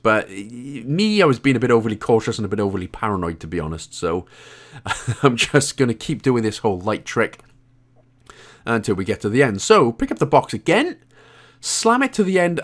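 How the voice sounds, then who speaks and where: A Welsh man hosting a game walkthrough, talking casually and joking with a laugh here and there. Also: medium pitch. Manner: chatty, jokey, laughs often. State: out of breath. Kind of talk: casual gameplay commentary.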